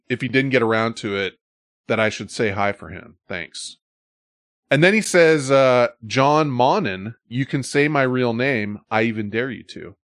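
A man telling a story in casual podcast chat, swearing freely and shouting when he acts out the scenes. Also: mid-range voice, no echo, clean studio sound. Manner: profane, animated storyteller who shouts when acting out scenes.

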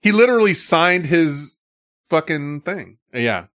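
A man telling a story in casual podcast chat, swearing freely and shouting when he acts out the scenes. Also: a little high, measured pace, no room sound, clean studio sound. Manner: profane, animated storyteller who shouts when acting out scenes.

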